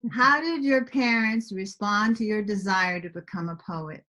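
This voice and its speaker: A woman's voice: medium pitch, a little slow, pushed and bright. A woman moderating a virtual book launch, reading audience questions aloud to the poet. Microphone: computer mic on a video call.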